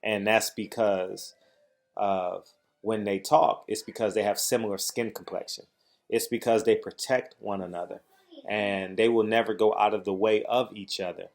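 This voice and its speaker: A man's voice: lowish voice, fairly even intonation, moderate pace, creaky. A man hosting a heated boxing commentary vlog, speaking in an agitated, emphatic way and repeating phrases for stress. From United States. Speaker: boxing commentator, channel host.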